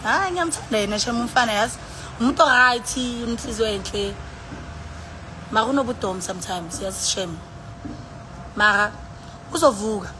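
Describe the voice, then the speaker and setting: Talking at normal speed with frequent pauses, a woman uses a slightly high, expressive voice amid background noise. She's a tipsy livestreamer with a South African accent. Into her phone she rambles, sighs and shifts between languages in casual chat.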